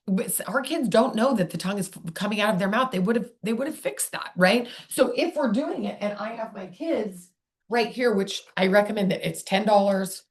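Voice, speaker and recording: A woman's voice: medium pitch, normal speed. A woman speech therapist leading an online workshop in a chatty, digressive way, demonstrating sounds aloud. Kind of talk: live online workshop teaching.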